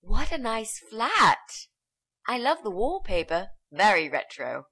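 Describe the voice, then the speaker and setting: A woman's voice: medium pitch, big pitch swings, slow pace, sharp tone, slight background noise, heavily acted. An actress voicing a pushy young female student in a game, eager and bossy, sweetly fake when she performs. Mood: coaxing. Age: young adult. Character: pushy chirpy young woman student, scheming. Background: game music.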